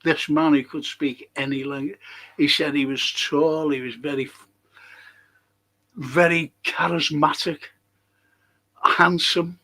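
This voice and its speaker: A man's voice: on the high side, steady tone, takes it slowly, long pauses, pushed and bright, rough recording. An older man, co-hosting a casual chat and telling long rambling anecdotes. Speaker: co-host.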